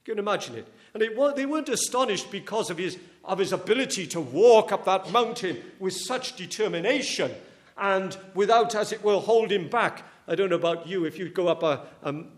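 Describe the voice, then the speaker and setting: A man preaching a sermon, earnest and emphatic, swelling on key words and often restarting his sentences. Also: high voice.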